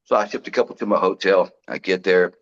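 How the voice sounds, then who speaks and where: A man, a guest in an interview, telling his story in a lively way and acting out what people said. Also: low-pitched, fast, lo-fi sound. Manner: lively storyteller who acts out quoted dialogue. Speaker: guest, product founder.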